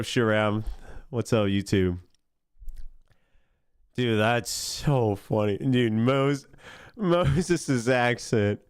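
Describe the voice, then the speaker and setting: A man's voice: mid-range voice, no room sound, studio quality. A male esports caster reacting casually on a live stream, laughing often and talking animatedly.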